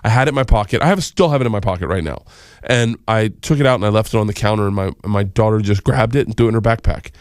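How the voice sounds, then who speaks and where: A male comedian telling rambling stories as a guest in a radio studio, laughing often and jumping up in pitch when quoting people. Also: fast talker, few pauses, clear, resonant tone, no room sound. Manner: rambling, laughing, jumps high for quoted voices. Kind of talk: casual radio interview storytelling.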